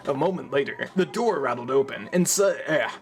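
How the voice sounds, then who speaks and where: A man's voice: medium pitch, lively intonation, normal speed, slight background noise. A young man reading a visual novel aloud and chatting between passages, joking, laughing and swearing freely. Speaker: audiobook reader.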